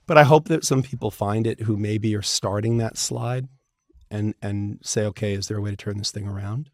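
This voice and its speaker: Middle-aged man, divorce lawyer type, animated candid storyteller, dry close sound. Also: fairly low pitch, moderate pace, dry recording. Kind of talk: casual interview storytelling.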